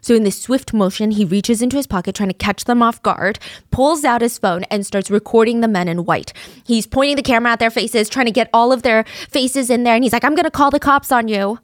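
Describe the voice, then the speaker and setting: Woman telling a dark true story. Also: fairly high pitch, brisk, no room sound, studio quality. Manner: conversational, vivid, drops to a whisper at times. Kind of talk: casual dramatic storytelling.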